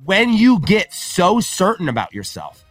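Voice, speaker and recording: A man's voice: high-pitched, wildly swooping pitch, measured pace, dry recording, faint music behind. A man talking casually on a podcast. He tells stories animatedly, acts out quoted dialogue, and says "right?" and "like" a lot. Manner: frequent filler "right?" and "like". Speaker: podcast guest.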